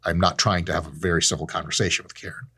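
Husky sarcastic man ranting to camera. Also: deep voice, flat delivery, racing, bright, forceful tone, no echo, studio quality. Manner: profane, sarcastic, acts out quoted people in silly voices. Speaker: host. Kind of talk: casual monologue to camera. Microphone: camera mic, close.

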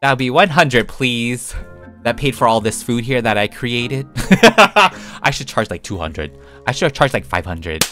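A man's voice: mid-range voice, expressive, a little slow, sharp tone, faint music behind. A young man giving playful, chatty gameplay commentary, talking to himself as he plays and giggling often. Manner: chatty and giggly, talks to himself while playing. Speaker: gaming YouTuber.

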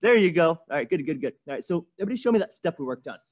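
Energetic high-voiced male martial arts instructor. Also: racing. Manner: energetic, coaching, counting out drills. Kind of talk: virtual kids' class instruction.

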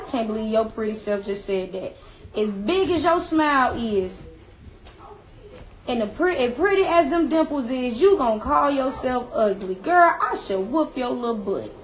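A woman's voice: on the high side, a little hiss or hum. A woman hairstylist talking live while doing a child's hair, emotional and encouraging, close to tears. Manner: lively, emphatic. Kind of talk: casual live-stream talk.

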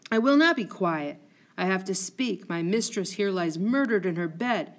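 A woman's voice: medium pitch, moderate pace, close to an everyday voice. A woman voicing an outraged, loyal maidservant who speaks with indignant passion. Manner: indignant, impassioned.

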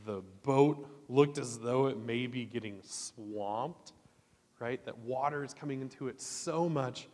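A man from Oklahoma leading a children's chapel sermon, lively and asking the kids questions. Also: medium pitch. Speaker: guest chapel leader. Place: church chapel. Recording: long hall reverb.

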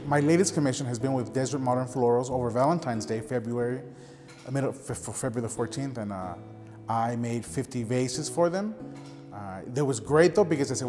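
A man's voice: mid-range voice, brisk, long reverb tail, over music. A middle-aged man who teaches ceramics tells earnest stories in a documentary interview. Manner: earnest, storytelling with gestures.

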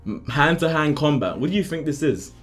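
A young man streaming a game live, trash-talking loudly and often jumping up into high shouts. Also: fairly quick. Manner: loud, excitable trash talk, swinging into high shouts. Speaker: gaming streamer. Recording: faint music behind.

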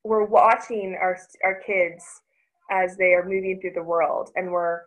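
A woman in her thirties presenting a parenting workshop in an informal way, often pausing to search for words and restarting her sentences. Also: fairly low pitch, steady tone, poor audio.

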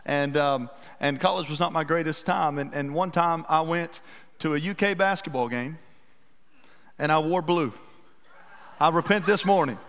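A man preaching a sermon as pastor, telling stories in a folksy, animated, self-deprecating way. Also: fairly high pitch, normal speed, long pauses, clear, resonant tone. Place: church sanctuary. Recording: reverberant church hall.

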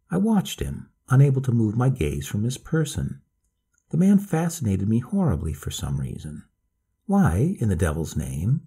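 Male audiobook narrator, low gravelly voice, lively intonation. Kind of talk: scripted storybook narration.

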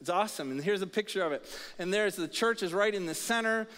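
High-voiced pastor in a reverberant hall. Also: male voice, fast. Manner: energetic, leads congregation call-and-response. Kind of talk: sermon. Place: large church auditorium. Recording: long reverb of a church hall.

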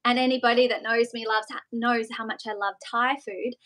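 Woman singer, guest on a live call; bubbly, bright tone. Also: fairly high pitch, fairly even intonation, normal speed, low-quality recording. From Australia. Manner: chatty, bubbly, giggly. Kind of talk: casual live interview chat. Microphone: video call.

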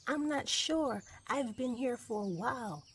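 A woman's voice: on the high side, animated, a little slow, a little hiss or hum, pitched above the performer's own voice. A woman reading a children's storybook aloud and voicing a small young male bear cub in a childlike, pleading way. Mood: frightened.

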